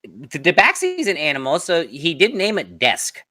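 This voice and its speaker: A co-host of a tabletop game talk, pitching names and jokes in a playful, casual chat. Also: huge pitch swings, normal speed, bright, forceful tone.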